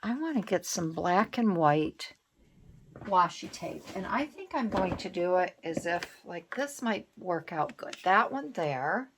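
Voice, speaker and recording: Slow, gravelly-voiced woman crafting. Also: fairly low pitch, very animated, a little hiss or hum. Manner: thinking aloud, hesitant and musing. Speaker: craft channel host. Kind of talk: casual craft tutorial narration.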